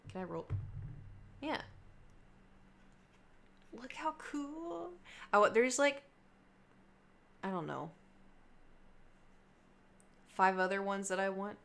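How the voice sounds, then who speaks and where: A woman's voice: mid-range voice, expressive, slow, creaky, long pauses. A young adult woman livestreaming, chatting casually and rambling between topics with her viewers. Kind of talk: casual chat to stream viewers.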